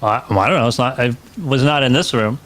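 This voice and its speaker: A man's voice: medium pitch, fast talker, a bit bright. A man co-hosting a live comedy stream, chatting casually and laughing at his own jokes. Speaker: co-host.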